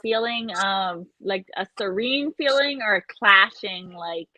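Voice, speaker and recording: A woman's voice: medium pitch, unhurried, crowd noise, poor audio. A woman co-hosting an open mic live stream, chatting playfully and swearing freely as she gushes over poems. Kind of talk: casual live-stream chat. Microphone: live-stream call.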